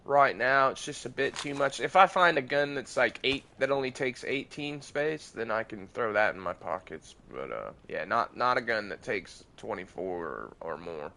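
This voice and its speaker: Bright-voiced man rambling on a livestream. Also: medium pitch, animated, moderate pace, creaky, few pauses, slight background noise, low-quality recording. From United States. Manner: loose, rambling, frequent swearing. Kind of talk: casual gaming livestream chat.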